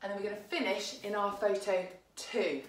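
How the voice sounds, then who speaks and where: A woman's voice: medium pitch, fairly even intonation, normal speed, roomy sound, recorded from a distance, poor audio. A woman with an English accent teaching a children's dance lesson, counting beats and calling out moves in an upbeat way. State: out of breath.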